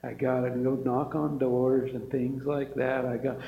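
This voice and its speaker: A man's voice: mid-range voice, steady tone, creaky, voice pushed down. A man putting on a gloomy, mopey churchgoer. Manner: slow, droning, self-pitying. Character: gloomy, mopey male churchgoer, sighing and defeated. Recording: echoey hall, dull sound.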